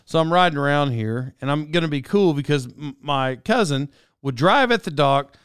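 Clear-voiced man rambling through a funny story. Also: fairly high pitch, expressive, normal speed, fairly bright tone, dry recording, studio quality. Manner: rambling and self-mocking, with frequent fillers and chuckles. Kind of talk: casual personal anecdote.

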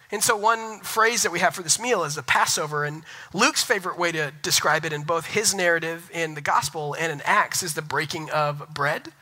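Bright-voiced young male pastor preaching. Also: high voice, brisk, rough recording. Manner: animated storytelling, rising loud when excited. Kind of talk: sermon.

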